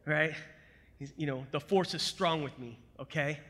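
A man with a high, very bright and forceful voice tells his military story to a crowd. He swings from quiet, hushed lines to loud, punchy bursts. Long reverb from a big hall trails every phrase. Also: normal speed, slight background noise. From United States. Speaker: military veteran speaker. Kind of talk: motivational storytelling talk to a live audience.

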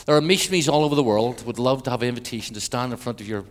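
Irish man, guest preacher, sermon with quips and prayer, mid-pitched voice, ringing hall. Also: very fast. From Ireland. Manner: joking with the congregation, then hushed prayer. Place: large church. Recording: long church hall reverb.

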